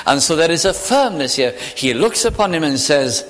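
A man preaching a sermon in an earnest, emphatic way, slowing down and going quiet on solemn points. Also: on the high side, sing-song. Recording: long hall reverb.

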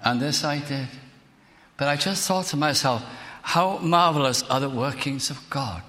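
An older man with a Welsh accent, preaching a sermon and telling a personal story, earnest and slowing down to stress key words. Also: medium pitch, pushed and bright. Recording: echoey church hall.

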